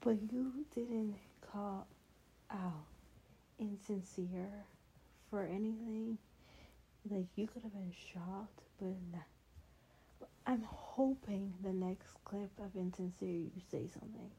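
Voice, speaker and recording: A woman giving heated, half-whispered commentary late at night in her bedroom, keeping quiet so she won't wake her sleeping dogs. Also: mid-range voice, slow pace, slight background noise, low-quality recording. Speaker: vlogger reacting to a reality show.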